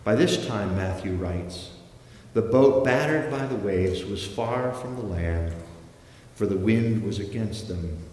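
A man's voice: lowish voice, slow pace, a little mellow, slight background noise. A man preaching a sermon in a church, storytelling with dramatic shifts and acting out the voices he quotes. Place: large echoey church hall. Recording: echoey hall reverb, faint ambience.

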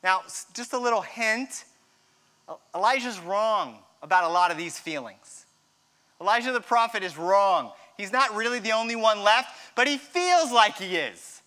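A man preaching a sermon, retelling a scripture story with dramatic pauses and a hushed drop near the end. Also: high voice, lively intonation. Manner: storytelling, dramatic drops to a hush.

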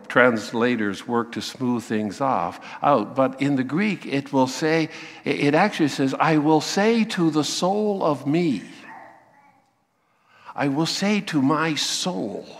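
A man preaching a sermon, acting out the voices he quotes with lively emphasis. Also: mid-range voice, slow pace, in a large hall. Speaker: pastor.

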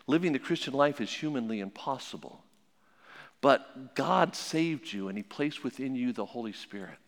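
A man preaching a sermon, telling a story with animated energy and dropping low and quiet when he drives the point home. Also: moderate pace. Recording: long echoing hall reverb.

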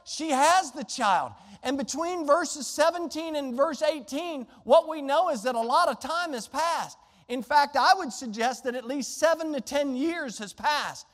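Guy preaching a sermon, really high voice, lots of long echo, animated storyteller asking the crowd questions. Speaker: pastor.

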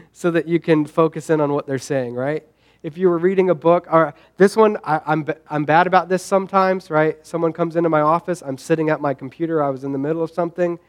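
Brief: male pastor, high-pitched voice, chatty sermon delivery with quick asides. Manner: conversational, frequent "right?" asides, acts out quoted lines.

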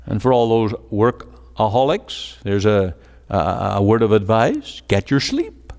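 Emphatic preacher in a reverberant hall. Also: male voice, lowish voice, big pitch swings, unhurried, creaky, a little mellow. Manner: emphatic, stretches key words, repeats phrases. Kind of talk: sermon.

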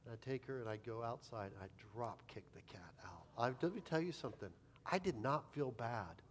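Self-mocking pastor telling a funny story. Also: male voice, mid-range voice, expressive, a little fast, a little hiss or hum. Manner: humorous, self-deprecating storyteller. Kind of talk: sermon storytelling.

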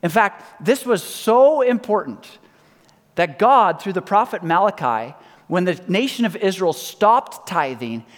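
A man's voice: high voice, very animated, measured pace. Emphatic male preacher in a reverberant hall. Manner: emphatic, repeats key lines, drops to soft quiet endings. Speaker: pastor. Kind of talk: sermon. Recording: long reverb of a large hall.

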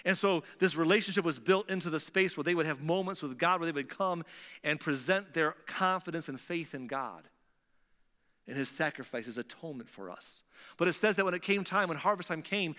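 A man's voice: a little high, fairly quick, pushed and bright. A male pastor preaching a sermon in a church sanctuary, emphatic and repetitive, often restarting his phrases. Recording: long hall reverb.

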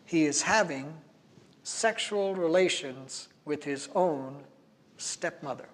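Speaking as a pastor, this man delivers a sermon earnestly and emphatically, slowing down whenever he wants to stress a key phrase. His pitch is fairly high and his tone fairly bright, and he's heard in a large hall.

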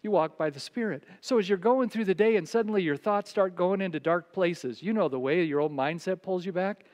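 High-voiced pastor preaching in a reverberant hall. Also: male voice, a little fast. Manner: storytelling, drops to soft quiet voice for quoted words. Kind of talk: sermon. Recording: long reverb of a large hall.

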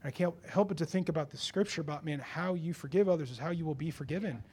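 A man preaching a sermon to a congregation, animated, building to loud, pressing rhetorical questions. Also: a little high, quick pace, husky. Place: church before a congregation.

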